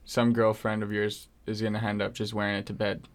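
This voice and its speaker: A man's voice: lowish voice, monotone, brisk. A man co-hosting a casual podcast, laid-back and joking, with lots of slang. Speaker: podcast co-host. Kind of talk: casual chat.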